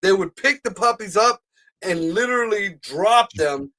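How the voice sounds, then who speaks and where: Man, high voice, casual profane chat, slangy storyteller. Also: expressive, measured pace, pushed and bright. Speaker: podcast co-host.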